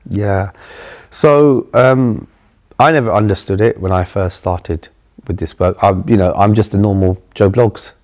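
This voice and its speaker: Middle-aged London man, low and mellow, earnest interview storyteller who restarts phrases. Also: unhurried. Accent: London English. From England. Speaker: charity chief executive.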